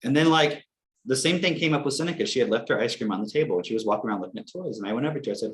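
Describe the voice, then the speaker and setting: A young man on a casual podcast, telling animated stories, acting out quotes and swearing casually. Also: medium pitch, racing, slight background noise. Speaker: podcast co-host.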